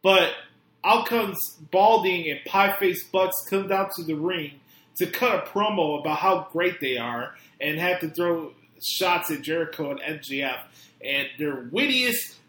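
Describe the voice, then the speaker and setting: An exasperated podcast host ranting with profanity. His slightly high voice drops to low grumbles, then jumps to sharp outbursts. The sound is echoey, as if recorded in a bare room. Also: lively intonation, measured pace. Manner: exasperated, profane, swings between mutters and outbursts. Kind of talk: angry podcast rant.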